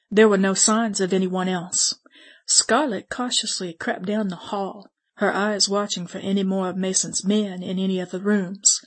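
A woman reading a western story aloud in the first person, with measured, steady storytelling. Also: medium pitch. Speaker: audiobook narrator. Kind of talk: scripted first-person narration.

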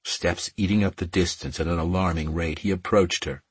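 A man narrating an audiobook in a measured, softly emotive reading. His voice sits very low and sounds husky. The recording is dry and close. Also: fairly even intonation, no echo.

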